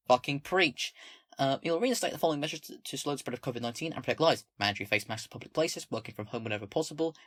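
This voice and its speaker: A man's voice: mid-range voice, no room sound. A young man reading a document aloud with commentary, swearing casually, stumbling over words and mocking himself in asides. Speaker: political commentator.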